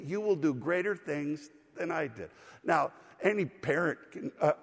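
Husky-voiced preacher in a reverberant church. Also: male voice, a little high, lively intonation, normal speed. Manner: preaching with call-and-response to the congregation. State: recovering from a cold. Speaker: pastor. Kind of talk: sermon. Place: church sanctuary. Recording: long hall reverb.

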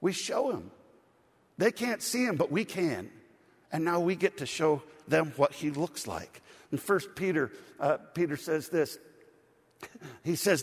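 Middle-aged pastor preaching in a reverberant hall. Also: male voice, fairly high pitch, lively intonation, a little slow, slightly rough. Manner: conversational storytelling with frequent fillers and restarts. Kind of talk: sermon. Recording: long reverb of a large hall.

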